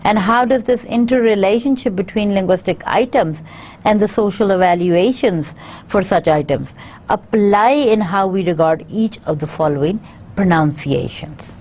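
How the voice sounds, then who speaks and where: A woman's voice: medium pitch, darkish tone, slight background noise. Woman lecturer. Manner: halting, many filler pauses, reads out word lists. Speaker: university lecturer. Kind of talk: recorded lecture reading from slides.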